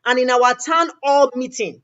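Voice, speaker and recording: A woman hosting an interview, telling a story in lively, acted-out dialogue. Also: high voice, moderate pace. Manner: animated, quotes others in acted-out dialogue. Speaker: interview host. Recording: dull lo-fi audio.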